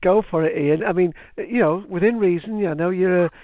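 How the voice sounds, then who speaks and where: A man's voice: high voice, a little fast, no room sound. A man hosting a podcast, chatting casually, rambling and encouraging with many fillers. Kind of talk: casual chat. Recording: dry tinny phone line.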